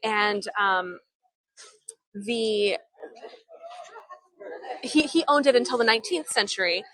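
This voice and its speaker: A woman's voice: mid-range voice, expressive, slow, a bit bright, dry recording, poor audio. A young woman giving a live walking tour outdoors, speaking in an enthusiastic, chatty way into a handheld phone. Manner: chatty, enthusiastic, reads viewer comments. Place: outdoors in an old town street.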